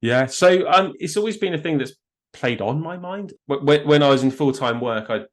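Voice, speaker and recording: A guest photographer from England speaks casually in a podcast interview with a southern English accent, enthusiastic and self-deprecating, often restarting his words. His voice is fairly high-pitched and animated, at a moderate pace.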